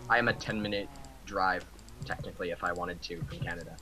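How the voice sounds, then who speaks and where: A man's voice: sits low, fairly even intonation, fast talker, background noise. A man from Ohio chatting casually on a group voice call, rambling with repeated words. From Ohio, USA. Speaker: podcast participant.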